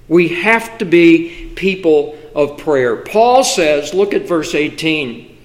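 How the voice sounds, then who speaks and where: Male preacher, high-pitched, unhurried, emphatic, with measured pauses. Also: lively intonation. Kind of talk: sermon. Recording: echoey room.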